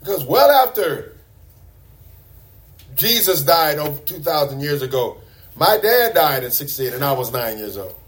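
A man's voice: a little high, very animated, unhurried, pauses often. A man preaching a sermon to a congregation in a church, emphatic and repeating words for stress.

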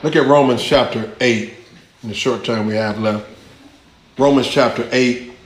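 A man's voice: mid-range voice, steady tone, moderate pace. A man preaching a sermon, teaching scripture with emphasis and asking the congregation questions. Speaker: pastor. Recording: echoey church hall.

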